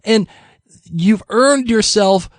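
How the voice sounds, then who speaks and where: A man's voice: high voice, takes it slowly, dry recording, clean studio sound. A young man hosting a podcast, rambling casually with frequent laughter and restarts. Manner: giggly, rambling, many restarts. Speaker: podcast host.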